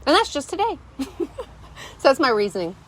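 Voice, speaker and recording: A woman's voice: high voice, big pitch swings, fairly quick, slight background noise. Woman, middle-aged, exasperated rambling storyteller, faint chickens clucking behind. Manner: exasperated, rambling, many fillers. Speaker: vlogger, channel host. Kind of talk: casual storytelling to camera. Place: rural homestead, outdoors.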